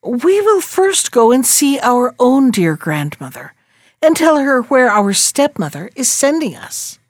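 A woman's voice: fairly high pitch, very animated, unhurried, no echo, studio quality, voice pushed up. A woman voicing a wise young girl in a fairy tale, who speaks earnestly and sensibly. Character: wise little girl, the sister.

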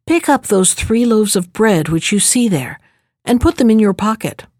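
A woman voicing a gentle old talking horse that speaks in a soft whisper. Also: mid-range voice, animated, moderate pace, dry recording, clean studio sound, close to an everyday voice.

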